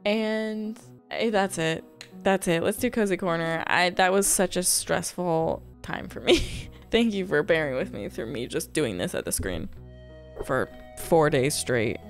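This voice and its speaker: Young woman, gaming host, casual let's-play chatter, slight vocal fry, soft game music underneath. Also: fairly low pitch, measured pace. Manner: animated, exasperated muttering with sudden joyful outbursts.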